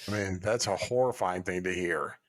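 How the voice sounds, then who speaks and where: A man's voice: deep voice, moderate pace, no echo. A man co-hosting a podcast who reacts in casual chat and often stumbles and restarts his sentences. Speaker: podcast co-host.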